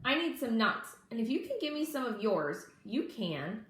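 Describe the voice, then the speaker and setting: A woman's voice: sing-song, moderate pace, a bit bright. A woman doing Lulu, an eager little girl ladybug. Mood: pleading. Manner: pleading, higher storybook voice. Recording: echoey room.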